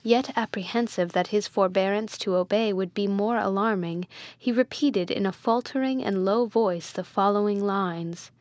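A woman reads a classic novel aloud in a measured, lightly dramatized way. Her voice sits in a middle pitch, and the recording is dry and close with no room sound. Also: a little mellow, dry recording. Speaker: audiobook reader. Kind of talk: scripted narration of a classic novel.

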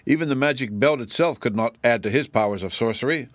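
A man's voice: mid-range voice, fast, dry recording, lightly acted. A man voicing a proud, boastful gnome general in an audiobook, assured and at times irritable. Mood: dismissive. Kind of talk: audiobook character reading.

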